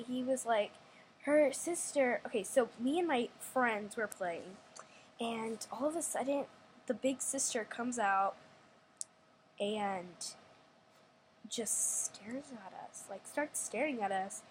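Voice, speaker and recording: A woman's voice: a little high, slow pace, slight background noise, poor audio. A young woman telling a rambling story at home, with many restarts and acted-out quotes. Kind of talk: casual storytime vlog.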